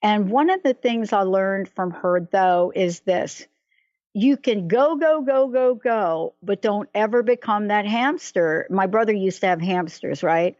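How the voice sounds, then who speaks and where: Woman talk-show host, lively and rambling, dry muffled radio audio. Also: medium pitch, a little slow, no echo. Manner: animated, storytelling, stumbles and restarts. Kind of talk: casual radio interview.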